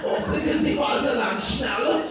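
A man's voice: extremely high pitch, normal speed, over loud music. A man voicing a flustered man named Klaus, muttering in panic on a live stand-up stage. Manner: panicky muttering, shouted exclamations. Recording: echoey club from far off, crowd noise.

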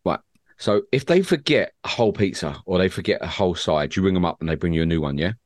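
A man's voice: low-pitched, lively intonation, fast talker, no room sound. A man co-hosting a football podcast, telling rambling stories in casual chat. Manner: rambling storyteller, laughs at own tales. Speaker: podcast co-host.

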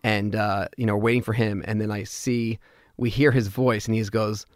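A male comedian guest telling a story in casual chat, animated and peppered with filler words. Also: moderate pace, dry recording, clean studio sound. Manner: animated, peppered with "like", acts out quotes in higher voices.

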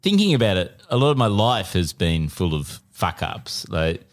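A very deep-voiced man drops dry, deadpan jokes into relaxed podcast banter. His pitch swings widely even as his delivery stays flat and understated. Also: moderate pace. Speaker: podcast co-host. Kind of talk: casual comedic banter.

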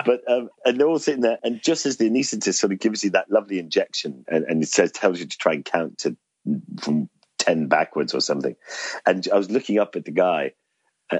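A man's voice: sits low, slightly rough, no room sound, muffled recording. A middle-aged man telling a rambling, self-deprecating story in an interview, laughing often. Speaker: interview guest. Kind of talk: casual anecdotal storytelling.

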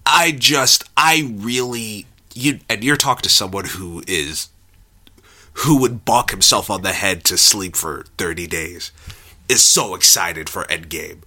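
A man co-hosting a podcast, chatting casually about films, animated and laughing often. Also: a little slow. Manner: animated, laughs often, jumps pitch when joking. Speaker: podcast co-host. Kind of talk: casual film chat.

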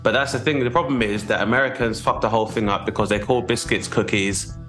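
A man's voice: mid-range voice, fairly even intonation, fast, fairly bright tone, faint music behind. A man hosting a comedy podcast, riffing in a loose, jokey, rambling way. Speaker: podcast host. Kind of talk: casual comedy podcast chat.

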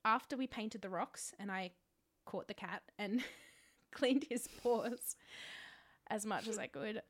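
A worn-out Australian woman talks through her week in loose, rambling podcast chat. Her voice is tired and mid-pitched, and she keeps putting herself down. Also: slow. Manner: weary, rambling, self-deprecating. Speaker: podcast co-host. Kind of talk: casual chat.

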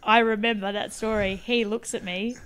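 A woman's voice: medium pitch, fairly even intonation, normal speed, a bit bright, clear, resonant tone, low-quality recording. A woman guesting on a podcast, telling stories in casual chat and laughing often.

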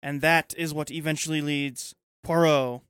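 A man co-hosting a podcast in casual chat, agreeable and quick to say yes while retelling a film's plot. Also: on the high side, steady tone, a bit bright, smooth, dry recording, studio quality. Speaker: podcast co-host.

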